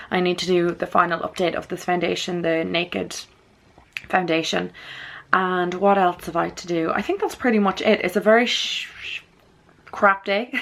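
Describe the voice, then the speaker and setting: A woman's voice: on the low side, gravelly, a bit bright. A woman chatting casually in a vlog from a spare room at home, rambling and dropping into whispered asides. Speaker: beauty vlogger.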